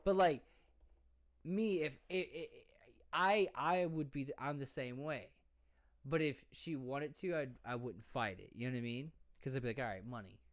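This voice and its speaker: A man's voice: fairly high pitch, measured pace. Rambling, swearing tipsy young man. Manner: rambling, swears a lot, many fillers and restarts. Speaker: podcast co-host. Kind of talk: casual drunk chat.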